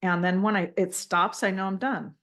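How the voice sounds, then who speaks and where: A woman leading a guided healing session, speaking gently and reassuringly, calling the listener honey and checking in with "okay?" often. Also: mid-range voice, steady tone, moderate pace. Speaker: spiritual energy healer.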